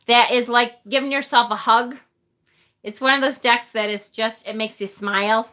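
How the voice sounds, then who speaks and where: A woman's voice: fairly high pitch, normal speed, bright, forceful tone. A woman hosting a casual tarot livestream, chatting with viewers in a self-deprecating way, laughing often and swearing casually. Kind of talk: casual livestream chat, reading viewer comments.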